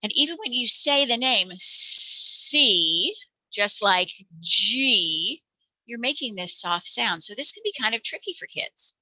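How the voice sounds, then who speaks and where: American woman teacher, slow and patient, very bright tone, dry close sound. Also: fairly high pitch, expressive, no room sound, poor audio. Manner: patient, demonstrates sounds aloud. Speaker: reading teacher. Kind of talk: explaining letter sounds to parents.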